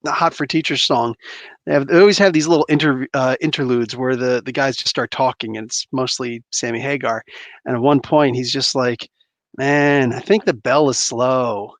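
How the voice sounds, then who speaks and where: A man's voice: medium pitch, steady tone, brisk, dry recording. A man hosting a comic book livestream, chatting casually, rambling and laughing often as he reads viewer comments aloud. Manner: rambling and chuckly, frequent laughs and fillers.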